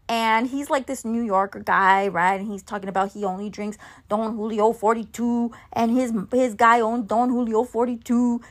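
A woman telling a candid, chatty story in a casual vlog, swearing freely. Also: a little high. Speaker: vlogger and mom.

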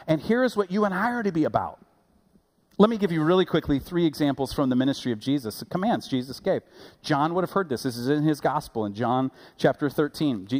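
A man pastor preaching a sermon, animated and rising loud on key points, with quick asides and self-corrections. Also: on the high side.

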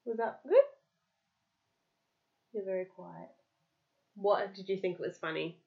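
A woman reading a picture book aloud to a child, lively, pausing to explain words and answer questions. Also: mid-range voice, vocal fry, highs cut off.

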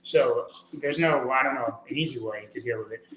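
A man talking as a podcast guest, earnest and rambling, with many fillers, getting lively when he tells stories. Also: medium pitch, moderate pace. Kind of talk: conversational interview. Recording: echoey room with faint noise.

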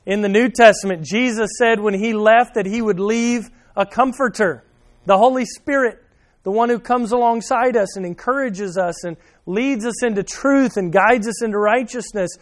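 Male pastor with a high voice, preaching with questions to the congregation, shifting between loud emphasis and soft asides. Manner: addresses listeners by name, asks questions; swings from loud emphasis to quiet, soft remarks. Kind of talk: sermon.

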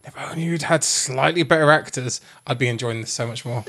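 A man's voice: mid-range voice, brisk, creaky, fairly bright tone, a little hiss or hum. A man co-hosting a podcast, giving sarcastic, opinionated takes in casual chat. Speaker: podcast co-host.

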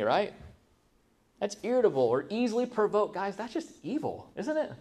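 Male pastor, middle-aged, a sermon with a slightly high voice, chatty, asks the room questions, mimics excuses. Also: very animated, moderate pace, a little mellow. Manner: conversational, asks the audience rhetorical questions; acts out quoted excuses in a mocking voice.

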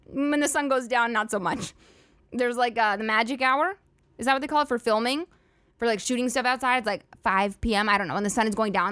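Young woman host, solo comic podcast, fairly high voice, dry close mic, sarcastic and profane, filler-heavy rambling. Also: fairly bright tone, no room sound. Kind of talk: solo comedic podcast rant.

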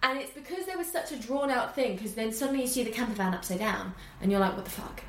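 Animated young woman in an echoey room. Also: fairly high pitch, fast talker. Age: 20s. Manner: animated, acts out scenes with loud swearing and laughter. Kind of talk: casual movie review chat. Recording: echoey room with faint background noise.

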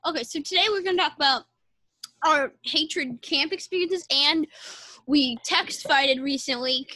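A young girl co-hosts a casual podcast, rambling and giggling as she acts out text messages in a sassy voice. Her voice is high-pitched and sharp, unhurried, and the recording is dry and rough.

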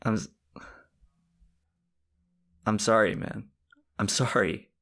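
A man's voice: fairly low pitch, takes it slowly, fairly bright tone. A young man co-hosting a comedy podcast, sarcastic and teasing, who slips into absurd mock-apologetic bits. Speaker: podcast co-host. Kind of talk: casual comedic banter.

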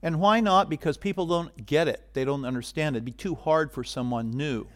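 A middle-aged man preaching a sermon as pastor, animated and getting loud for emphasis. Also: a little high, a little fast.

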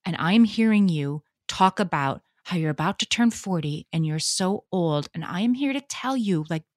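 A woman's voice: lowish voice, moderate pace, no echo, studio quality. A woman in her late thirties telling stories on a podcast, acting out what others said. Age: 30s. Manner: animated storyteller acting out quotes. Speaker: podcast co-host. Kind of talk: casual storytelling chat.

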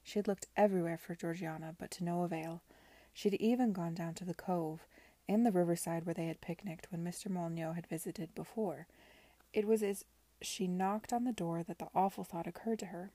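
A woman reading a novel aloud in a soft, near-whispered way. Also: fairly low pitch, fairly even intonation, brisk, no room sound. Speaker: reader.

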